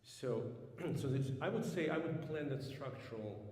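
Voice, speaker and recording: A man teaches a piano master class, his mellow voice ringing through a large, echoing hall. He talks thoughtfully, clears his throat often, and sings snatches of music to make his point. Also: medium pitch, lively intonation, measured pace. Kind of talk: coaching a student at the piano.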